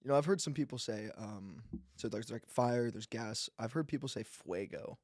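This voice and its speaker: A man's voice: medium pitch, lively intonation, normal speed, a little mellow, no echo, clean studio sound. A man hosting a podcast in a casual, joking way, laughing often and chatting easily with his guest. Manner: easygoing, joking, laughs a lot. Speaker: podcast host.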